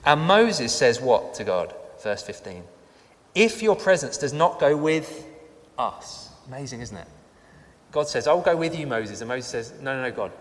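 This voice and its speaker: A man delivers a sermon, reading scripture aloud and repeating key lines with emphasis. His voice is mid-pitched. The sound carries a long reverb, as in a church. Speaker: preacher.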